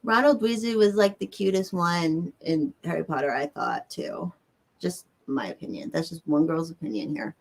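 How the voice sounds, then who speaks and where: A woman's voice: lowish voice, normal speed, creaky. A woman with a Southern American accent, hosting a livestream and chatting casually with viewers in a rambling way. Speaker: livestream host. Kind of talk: casual chat answering viewers.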